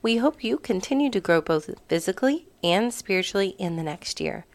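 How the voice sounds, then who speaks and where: A woman's voice: medium pitch, animated, brisk. A woman hosting a program, giving upbeat birthday wishes. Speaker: program host. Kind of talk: birthday announcements.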